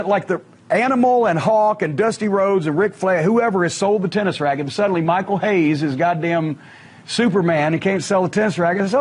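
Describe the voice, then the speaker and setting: A middle-aged man spins a profane, animated wrestling yarn, his voice pitched high. He has a husky, breathy edge. He acts out every quote as he goes. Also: brisk. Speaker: wrestling manager telling stories. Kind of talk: casual storytelling on a podcast.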